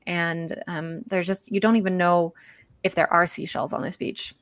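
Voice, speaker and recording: A woman's voice: lowish voice, level tone, normal speed. Chatty woman running a tabletop game. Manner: chatty, self-correcting, giggly asides. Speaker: game master.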